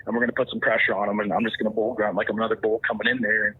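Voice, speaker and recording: A man, a podcast guest, casually telling a hunting story in an animated way, re-enacting what people said. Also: fairly low pitch, rapid-fire, background noise. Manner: animated, re-enacts dialogue and moose calls. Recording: tinny phone-like line.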